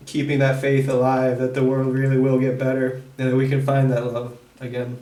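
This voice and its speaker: Halting man giving a tarot reading. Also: medium pitch, level tone, darkish tone, a little hiss or hum. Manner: halting, searching delivery with many restarts. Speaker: tarot reader. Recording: roomy echo, distant mic.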